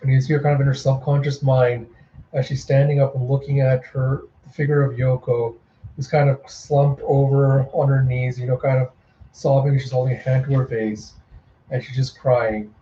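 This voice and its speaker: A man hosting a casual manga readthrough, with emotional, excitable asides, in a roomy home recording. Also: medium pitch, moderate pace, dull audio, slight background noise. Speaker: comic readthrough host.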